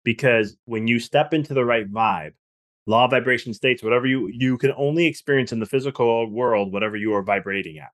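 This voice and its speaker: Fast-talking man telling stories. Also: medium pitch. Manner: fast, animated storytelling with frequent restarts. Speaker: author and guest. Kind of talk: casual podcast conversation.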